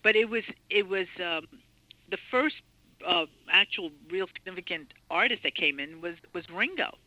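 A woman in her sixties, a guest recounting stories in an interview, lively and anecdotal with frequent laughs and fillers. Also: on the low side, moderate pace, dry recording, rough recording. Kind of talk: storytelling interview.

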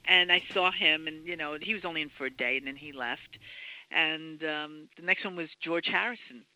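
Bright-voiced woman in her sixties, lively storyteller. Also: deep voice, moderate pace, dry recording, low-quality recording. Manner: lively anecdotal, laughs often, many fillers. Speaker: interview guest. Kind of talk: storytelling interview.

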